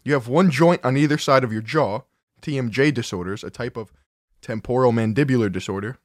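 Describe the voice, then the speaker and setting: A man's voice: mid-range voice, brisk, dry recording. A young man co-hosting a podcast in casual chat, laid-back, cracking dry jokes and reading out facts. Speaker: podcast co-host.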